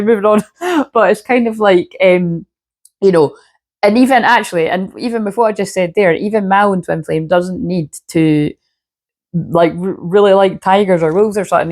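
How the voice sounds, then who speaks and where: A woman with a low, gravelly voice gives a casual spiritual reading to camera. Her throat is sore and a little rough from filming. She rambles, swears freely and keeps checking in with "you know what I mean". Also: a little mellow. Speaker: shamanic healer and spiritual reader.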